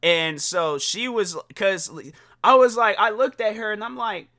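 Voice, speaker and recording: A man with a somewhat high, forceful and bright voice tells a casual story as a podcast host. He talks in an animated way, acting out each quoted voice and filling gaps with "like". The sound is dry and close, with no room echo. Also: a little slow. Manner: animated, acts out quoted dialogue, many "like" fillers.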